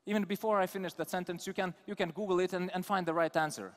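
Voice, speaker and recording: A man's voice: high voice, steady tone, fast. Teasing Eastern European man in a reverberant hall. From Lithuania. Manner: teasing, provocative, calls out audience members. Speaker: conference speaker. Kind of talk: live conference talk. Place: large conference hall.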